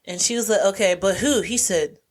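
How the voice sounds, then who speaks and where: Animated woman retelling a movie plot. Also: medium pitch, fairly quick. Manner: animated storyteller, acts out quoted lines. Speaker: podcast co-host. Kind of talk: casual chat recapping a movie.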